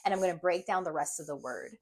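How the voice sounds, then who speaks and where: Woman reading teacher, clear and patient, sounds words out slowly for students. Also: lowish voice. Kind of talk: instructional video lesson.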